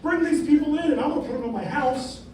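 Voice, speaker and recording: A stand-up comedian doing a smug, scheming male dark wizard villain in a raised voice, on a club stage. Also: very high-pitched, fast, voice pushed up. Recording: echoey room, distant mic, noisy.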